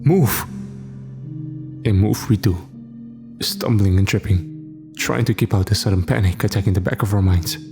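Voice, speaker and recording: Guy reading a creepy story, low voice, soft music behind. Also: steady tone, brisk, gravelly. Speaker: horror story narrator. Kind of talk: scripted first-person horror narration. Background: faint music.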